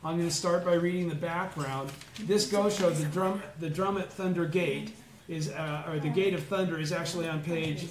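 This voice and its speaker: A tired, out-of-breath man leading a study group, reading scripture slowly and adding short explanations as he goes. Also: fairly high pitch. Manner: reads slowly, adds short explanatory asides. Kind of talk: reading and lecturing on Buddhist scripture. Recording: echoey room with faint background noise.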